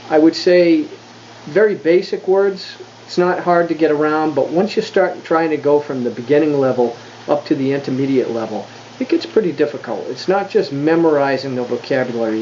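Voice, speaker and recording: A mellow, dark-toned man explains tones in an easygoing vlog lesson. He thinks aloud with fillers and restarts, and stretches words out slowly when he demonstrates them. The recording is dull and lo-fi, with a faint hiss underneath. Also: medium pitch. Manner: slows right down to demonstrate tones. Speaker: language learner explaining Mandarin tones.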